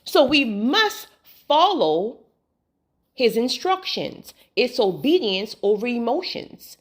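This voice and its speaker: A woman's voice: fairly high pitch, sing-song, takes it slowly. A woman giving a preachy motivational talk on spiritual healing, colloquial and emphatic, often repeating her phrases for weight.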